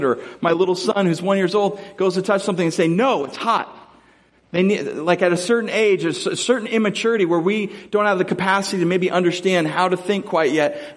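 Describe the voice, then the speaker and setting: A man in his thirties, a pastor preaching a conversational sermon, earnest and often asking the congregation questions. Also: high-pitched.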